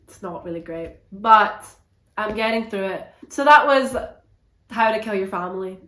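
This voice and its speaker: A woman's voice: medium pitch, moderate pace. Exasperated girl ranting about books, swears lots, echoey room. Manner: animated, swears a lot, exasperated. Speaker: book reviewer. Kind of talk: casual ranting book review.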